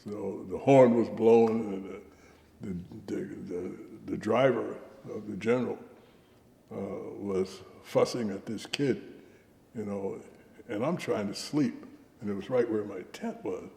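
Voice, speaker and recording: Older male veteran, raspy-edged anecdotal storyteller, recorded in an echoing hall. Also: fairly low pitch, measured pace. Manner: lively anecdotal storyteller, acts out quoted dialogue. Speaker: veteran interviewee. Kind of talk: oral history storytelling.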